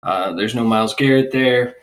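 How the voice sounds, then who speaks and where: A man in his twenties with a cold hosts a casual sports podcast, his voice rough and congested. He talks at an ordinary middle pitch in a loose, rambling way, full of fillers and easy laughs. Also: normal speed. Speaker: podcast co-host.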